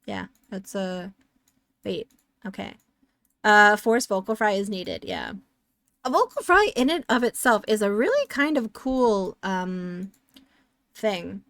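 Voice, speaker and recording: A woman's voice: medium pitch, big pitch swings, slow, pauses often, a bit bright, dry recording. A woman streamer chatting casually while playing a game, rambling and sarcastic as she answers chat.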